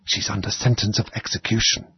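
A nervous little rabbit who keeps his voice to a hurried, breathy hush, as a man puts him on in a storybook reading. The whisper is husky and sits a little above the man's own low voice, in a dull, lo-fi recording. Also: sing-song, full character voice. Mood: frightened. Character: timid anxious male white rabbit, fussy.

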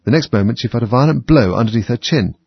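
A man narrating a storybook in a measured, lively way. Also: mid-range voice, vocal fry, husky, no room sound. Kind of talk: storybook reading. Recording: dull, dry lo-fi recording.

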